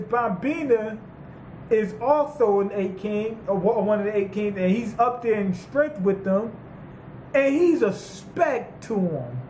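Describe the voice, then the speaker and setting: A man giving a casual, profane manga chapter review, rambling and excitable with lots of fillers. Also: high voice, echoey room, slight background noise, low-quality recording.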